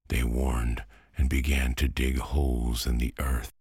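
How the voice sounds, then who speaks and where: Bedtime narrator: male, very deep, raspy, slow and calm, dry close mic. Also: dry recording. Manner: slow, soothing delivery. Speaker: storyteller. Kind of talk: bedtime story reading.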